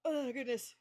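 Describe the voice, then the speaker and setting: A woman's voice: high voice, mellow. A young woman streamer chatting casually, giggling often and rambling through her stories. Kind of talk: casual chat.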